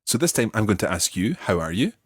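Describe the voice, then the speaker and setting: A man guides listeners through a beginner language lesson, speaking patiently and clearly. His lowish voice moves lively through its range, with a slightly husky edge on a dry, close studio mic. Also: quick pace, no echo. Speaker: language teacher.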